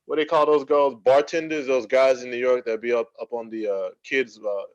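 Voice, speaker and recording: A man's voice: medium pitch, fairly even intonation, fairly quick. A man on a panel chat who jokes around and asks playful questions. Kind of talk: casual group chat. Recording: dull lo-fi call audio.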